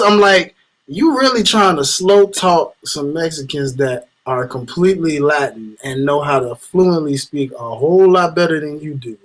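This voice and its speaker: A man guesting on a casual wrestling review chat, laid-back and chuckling, who often chimes in with quick agreement. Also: fairly high pitch, slight background noise, rough recording. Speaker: guest co-host.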